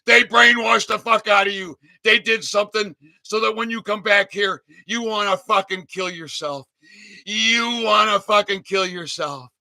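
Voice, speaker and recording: Man, fervent rant, slow deliberate delivery, bright piercing tone, hammering questions, shouting. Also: extremely high pitch, gravelly. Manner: fervent, swears a lot, often shouting. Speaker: channel host. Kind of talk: impassioned livestream rant.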